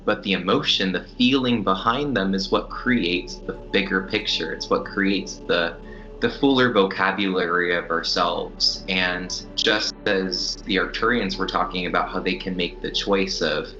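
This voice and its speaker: A man's voice: low voice, measured pace, bright, forceful tone, dull audio, soft background music. A man talking earnestly and reflectively in a casual spiritual conversation.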